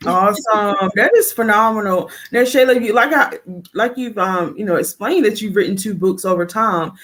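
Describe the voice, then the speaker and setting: A woman's voice: medium pitch, normal speed, fairly bright tone. A woman hosting an interview, upbeat and encouraging toward her guest. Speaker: show host. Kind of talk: interview chat.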